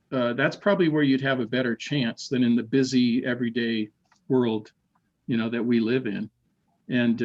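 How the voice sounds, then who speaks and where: A middle-aged man sits in as a podcast guest, spinning an eerie personal story in an animated, casual way. He stumbles and repeats words and acts out the people he quotes, at a medium pitch. The recording sounds a little dull and lo-fi.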